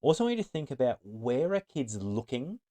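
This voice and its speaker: A man's voice: medium pitch, very animated, a little fast, warm tone. A middle-aged man giving an earnest, emphatic talk to teachers as a trainer, sometimes restarting his words. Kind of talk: presentation to teachers.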